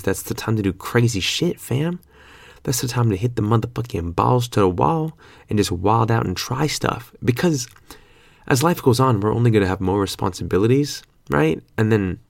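A young man in his twenties rambling through a casual vlog, loose and slangy with plenty of swearing and fillers. His voice sits low with a gravelly edge. The sound is close and dry, with no room around it. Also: dry recording. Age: 20s. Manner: laid-back, slangy and profane, rambling with fillers. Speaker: vlogger.

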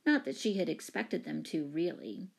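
A woman narrating a children's story in a clear, even storytelling manner. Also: sits low, moderate pace. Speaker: audiobook narrator. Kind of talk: storybook reading.

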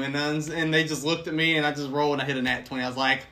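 A man chatting casually on a podcast, telling stories with animated enthusiasm. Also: fairly high pitch, rapid-fire, few pauses. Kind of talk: casual chat.

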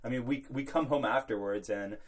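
A young man with a mid-range voice talks a little fast as co-host of a college podcast. He tells rambling, joking stories before the casual chat turns to sports.

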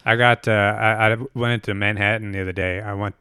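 A man's voice: on the low side, steady tone, fairly quick, pushed and bright, clear, resonant tone, no echo, studio quality. A man co-hosting a casual chat, rambling through stories with lots of fillers. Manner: rambling storyteller with many fillers. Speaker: podcast co-host. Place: New York City studio.

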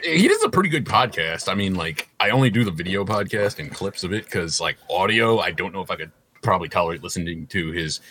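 Deep husky guy cohosting a podcast, lively up and down, jokey casual banter. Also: a little hiss or hum. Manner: joking, quick banter, laughs often. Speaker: podcast co-host.

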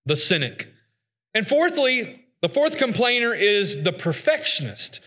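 A man's voice: high-pitched, sing-song, moderate pace, bright, forceful tone. A man preaching a conversational, folksy sermon, acting out the voices of complainers.

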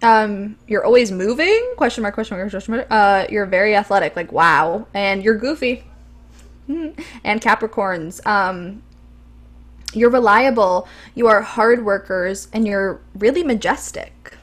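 A woman's voice: medium pitch, expressive, unhurried. A young woman co-hosting a podcast, chatting casually and enthusiastically with frequent ums. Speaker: podcast co-host. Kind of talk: casual chat.

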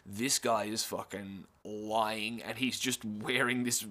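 A young man with an Australian accent laughs and curses constantly as he meanders through a casual story about a festival. His voice is lowish and pushed, bright and slow, with fairly even intonation.

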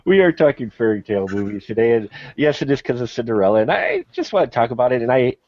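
A man's voice: mid-range voice, big pitch swings, fast talker, a little mellow. A man hosting a casual movie podcast, introducing guests in an upbeat, announcer-like way and laughing often. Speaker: podcast host. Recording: dull lo-fi sound, faint noise.

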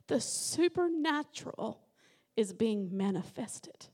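A middle-aged woman delivers a Pentecostal sermon as a guest preacher. Her voice sits high, and she speaks with fervent, impassioned conviction that climbs into shouting. She is preaching in a church sanctuary. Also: animated, slow pace.

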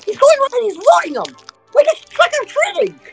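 A woman doing a squeaky, frantic tiny man. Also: sing-song, fast talker, gravelly, fairly bright tone, faint music behind, full character voice. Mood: frantic pleading. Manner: pleading, breathless urgency.

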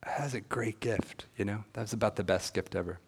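At a church gathering, a middle-aged man with a lowish, slightly rough voice gives an earnest personal testimony at a brisk pace. He tells his story sincerely and acts out the dialogue he remembers.

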